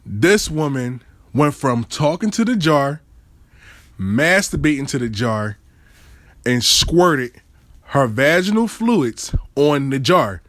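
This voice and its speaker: A man telling a profane comic story to his viewers, animated and swearing, repeating words for emphasis. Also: medium pitch, slow, no room sound. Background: background music.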